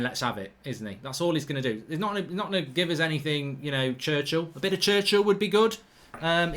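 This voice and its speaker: A man's voice: on the high side, sharp tone. A man hosting a live football watchalong, chatting casually, giving opinions and reading out viewer comments. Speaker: host.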